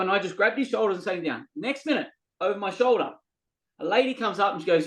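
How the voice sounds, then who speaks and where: A middle-aged podcast guest tells a story in casual conversation, fast and animated, acting out what people said and frequently restarting. His voice sits high, and the recording quality is low.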